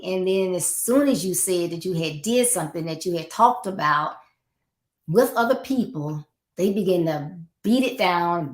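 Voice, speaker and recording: A woman hosting a live coaching show, talking casually to her viewers and teasing them while she acts out little scenes. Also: lowish voice. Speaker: life coach and show host. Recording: roomy echo.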